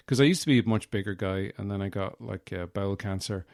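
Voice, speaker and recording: A man's voice: medium pitch, steady tone, fairly quick, few pauses, a little mellow, clean tone, dry recording. A man hosting a podcast in a rambling comic monologue, meandering and self-mocking, with many fillers, on a close mic. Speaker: podcast host.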